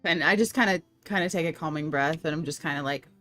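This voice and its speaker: A woman playing a tabletop game, telling her character's actions in animated run-on sentences. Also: low-pitched, fast, soft background music. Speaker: player. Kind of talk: role-play narration.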